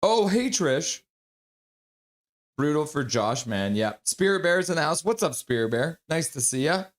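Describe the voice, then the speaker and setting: A man with a somewhat high voice hosts a casual hockey live stream. He talks directly to his chat, reading messages aloud and reacting right away. Every so often he breaks into loud, excited outbursts. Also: normal speed.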